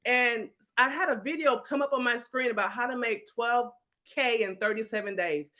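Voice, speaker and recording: A woman, a real estate coach telling her life story as a podcast guest, animated and emotional. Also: fairly high pitch, moderate pace.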